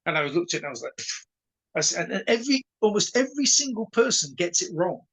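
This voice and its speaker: A man in his sixties, a karate instructor telling stories in an interview, animated and stumbling over repeated words as he acts out conversations. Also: sits high, racing, breathy edge, low-quality recording. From Wales. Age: 60s. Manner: animated storyteller who stutters on repeated words and acts out dialogue. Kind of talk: casual storytelling interview.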